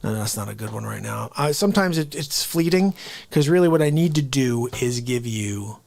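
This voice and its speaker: A man's voice: medium pitch, expressive, normal speed, gravelly, darkish tone. A man hosting a casual comedy livestream, playful and rambling as he chats. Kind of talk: casual live-stream chat.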